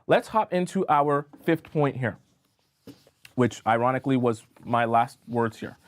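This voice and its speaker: A man's voice: mid-range voice, expressive, measured pace. A man giving dating advice as a coach in a live-streamed lesson, talking straight to his chat and repeating himself as he works through his points. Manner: talks to chat directly, repeats himself when drawing.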